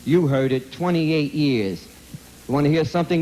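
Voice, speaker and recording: A man's voice: on the high side, normal speed, dark tone, a little hiss or hum, poor audio. A man giving an emphatic, blunt anti-drug talk to a school audience, repeating himself and firing direct questions at the listeners. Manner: streetwise blunt phrasing. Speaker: speaker addressing students.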